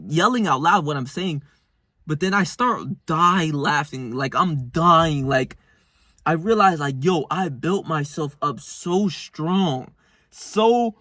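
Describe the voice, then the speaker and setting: A man's voice: fairly high pitch, fairly bright tone, no echo, studio quality. A man in his twenties talking casually in a vlog, rambling in slang with plenty of swearing. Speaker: self-help vlogger.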